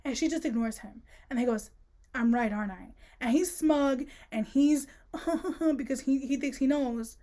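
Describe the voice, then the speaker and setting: A woman co-hosting a casual book podcast, her voice sitting a little on the high side. She retells scenes in an animated, slangy way, slipping into the characters' dialogue mid-sentence. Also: moderate pace. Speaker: podcast co-host. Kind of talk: casual book-discussion chat.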